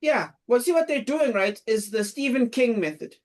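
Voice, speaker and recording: A woman co-hosting a casual movie podcast, talking in an animated, frank way. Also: fairly high pitch, normal speed. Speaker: podcast co-host.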